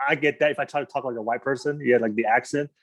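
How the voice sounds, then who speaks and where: A man's voice: mid-range voice, steady tone, fast talker, a bit bright. A man hosting a podcast interview, talking in a hesitant, casual way with many restarts and repeated words. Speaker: podcast host.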